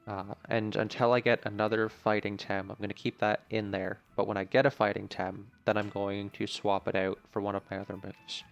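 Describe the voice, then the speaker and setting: A man with a low, gravelly voice, casually talking through a video game playthrough. He speaks in a chatty, joking way while thinking aloud about his choices, and faint game music runs in the background. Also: level tone, fairly quick, few pauses, dull audio. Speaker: gaming channel host. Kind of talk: let's play commentary.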